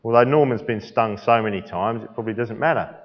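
A man's voice: fairly low pitch, brisk. A male preacher delivering a sermon in a playful way, quizzing the congregation, recorded in an echoey church hall with a dull sound.

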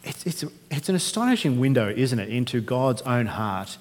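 A pastor preaches in a conversational style, often putting rhetorical questions to his congregation, and the church hall's long reverb surrounds him. His mid-range voice swings widely in pitch, moves at a moderate pace, and has a slightly dark tone.

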